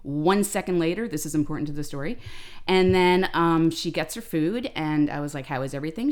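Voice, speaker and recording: A woman co-hosting a podcast, telling stories in a lively, ranting, freely swearing way. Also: deep voice, brisk. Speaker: podcast co-host. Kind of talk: casual chat, storytelling.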